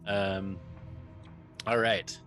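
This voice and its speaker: Low, bright-voiced male podcast host. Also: drawn-out words, soft background music. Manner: relaxed, joking, reads trivia aloud. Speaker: podcast co-host, quiz master. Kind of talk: casual podcast chat.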